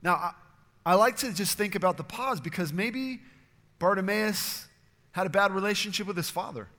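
A man preaching a sermon as pastor, earnest and steady, sometimes acting out quoted voices. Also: high voice, moderate pace, in a large hall.

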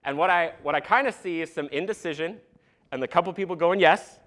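A young man preaching a sermon to a congregation in a church, animated and conversational with asides to the crowd. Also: on the high side, fast talker. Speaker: pastor. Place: church sanctuary.

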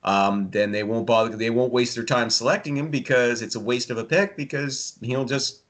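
A man's voice: medium pitch, normal speed. A man, a hockey writer, chatting casually about hockey with dry sarcasm and many fillers. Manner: sardonic, rambling, many fillers. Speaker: hockey writer and podcast regular. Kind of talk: casual sports chat.

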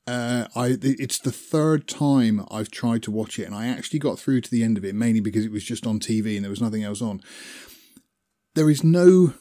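A man's voice: medium pitch, moderate pace, dark tone. A man chatting casually about films he has watched, rambling with fillers and small laughs. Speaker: film reviewer. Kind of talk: casual film chat.

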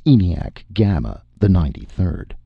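A man's voice: low-pitched, very animated, normal speed, creaky, slightly rough, no echo, dull audio, full character voice. A man voicing a pedantic male robot from the future who turns tipsy, in an audiobook reading. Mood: pompous. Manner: pedantic, slurring after the jolt.

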